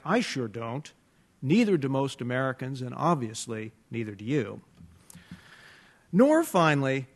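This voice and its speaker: A man opening his debate argument in a deliberate, formal way, pausing often with filler sounds. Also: medium pitch. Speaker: debate speaker.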